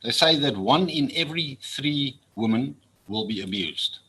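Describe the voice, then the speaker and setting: A man's voice: mid-range voice, animated, measured pace, few pauses, bright, forceful tone, slightly rough, poor audio. A man gives a formal speech to an assembly as a public official. He speaks earnestly and often repeats words when he feels strongly. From South Africa.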